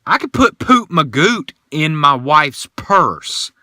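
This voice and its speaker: A man hosting a casual solo podcast, telling rambling, animated stories. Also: fairly high pitch, takes it slowly, no room sound, clean studio sound. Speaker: podcast host.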